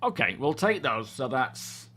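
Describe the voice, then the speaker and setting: A man's voice: medium pitch, sing-song, a little slow, pushed and bright, a little hiss or hum. A man hosting a casual gaming livestream, greeting viewers and thinking aloud as he plays. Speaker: livestream host.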